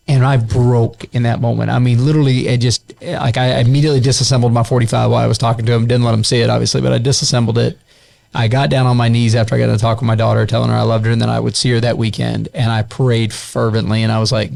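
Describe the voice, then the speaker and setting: A man with a gravelly, fry-touched voice at an ordinary middle pitch tells a personal story. He speaks in an earnest, heartfelt way. It sounds like a casual podcast chat. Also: flat delivery, fast, a little mellow. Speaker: podcast co-host.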